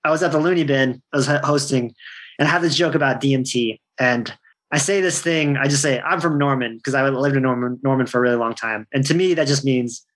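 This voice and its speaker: A man's voice: medium pitch, a little fast, fairly bright tone. Rambling, laid-back male comedian. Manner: rambling, laid-back, swears freely, laughs often. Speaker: stand-up comedian, guest. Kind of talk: casual chat.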